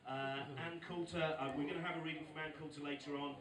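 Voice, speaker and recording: A man in his forties doing an animated stand-up set, exasperated storytelling with loud outbursts. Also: a little high, fast talker, over a noisy crowd. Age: 40s. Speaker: stand-up comedian. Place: live venue with audience. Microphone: recorded from far off by a phone camera. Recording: echoey, distant phone recording with noise.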